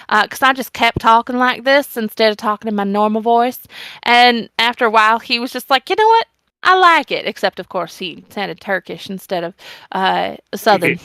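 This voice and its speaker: Woman player on a voice call, bright, chatty, dry close mic. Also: fairly high pitch, clear, resonant tone, dry recording. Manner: chatty, joking, quick asides. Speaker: tabletop game player. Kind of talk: casual online game chat.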